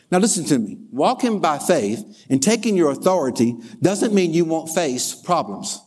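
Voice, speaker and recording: A male preacher giving a lively sermon, calling out for amens and having the congregation repeat after him. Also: on the high side, normal speed, hardly any pauses, breathy edge, in a large hall. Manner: energetic, calls for amens and responses.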